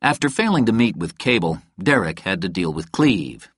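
A man reading a novel aloud in a calm, even storytelling manner. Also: deep voice, normal speed, slightly rough, dry recording, clean studio sound. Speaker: audiobook narrator. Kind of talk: scripted narration.

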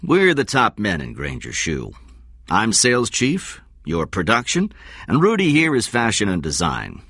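A man voicing a thin, fast-moving male sales chief who keeps pressing his point. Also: lowish voice, wildly swooping pitch, creaky, a bit bright, slightly rough, dry recording, clean studio sound, pitched above the performer's own voice, heavily acted. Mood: pushy. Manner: insistent, persuasive.

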